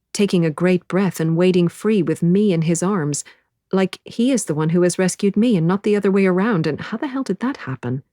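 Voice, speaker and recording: A woman narrates a first-person audiobook with measured, intimate storytelling. Her voice sits low. The sound is dry and close. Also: mellow, dry recording.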